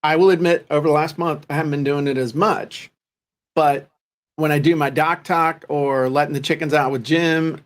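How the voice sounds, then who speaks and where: A man co-hosting a podcast, talking in a chatty, joking, self-deprecating way. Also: on the high side. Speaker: podcast co-host. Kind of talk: casual chat.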